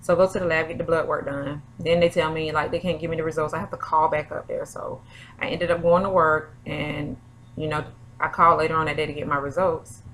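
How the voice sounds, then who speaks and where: A woman's voice: low voice, little pitch movement, fairly quick, fairly bright tone, a little hiss or hum. A young woman, vlogging in a chatty, rambling way full of fillers. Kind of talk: casual chat.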